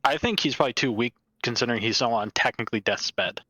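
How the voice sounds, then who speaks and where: Guy player with a bright clear voice, keeps hedging and restarting, dry mic. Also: mid-range voice, fast, no room sound, rough recording. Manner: hesitant, thinking aloud. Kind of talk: casual tabletop play chat.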